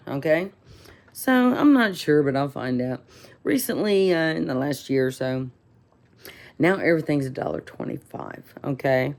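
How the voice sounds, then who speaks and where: A woman's voice: deep voice, a little mellow. A woman telling a rambling, indignant story in a casual vlog, full of fillers and restarts. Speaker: vlogger.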